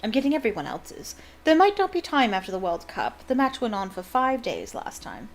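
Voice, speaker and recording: A doting, scolding middle-aged witch mother, put on by a woman reading aloud. Her voice sits noticeably higher and fussier, with a pushy, nagging lilt. She sounds like a storybook mum fretting over her grown children. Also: very animated, normal speed. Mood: fussing.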